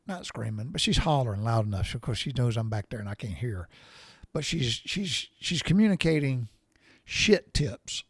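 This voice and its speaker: A man's voice: mid-range voice, a bit bright, breathy edge, no room sound, clean studio sound. A middle-aged man hosting a podcast, telling a story about himself in a casual, folksy, salty way and laughing at his own expense. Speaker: podcast host.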